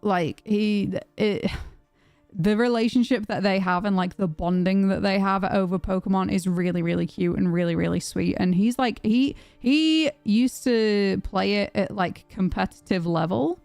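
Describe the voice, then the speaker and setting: With a creaky, medium-pitched voice at normal speed, this young woman hosts a casual home livestream, swearing and reading viewer messages aloud with plenty of energy. There's no room sound, just soft background music.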